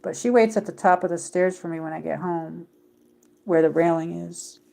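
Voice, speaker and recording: A middle-aged woman chats on her own livestream, rambling along with plenty of ums and restarts. Her voice sits a little low, and she talks to her viewers in an easy, unscripted way. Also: moderate pace, vocal fry, warm tone. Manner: rambling, many fillers and restarts. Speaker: livestream host. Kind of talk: casual livestream chat.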